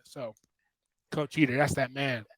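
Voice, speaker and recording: A man's voice: medium pitch, steady tone, unhurried, a bit bright, no echo, poor audio. A young man guest telling stories in a casual interview, easygoing with lots of fillers. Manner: easygoing storyteller with many fillers. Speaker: guest, former college linebacker.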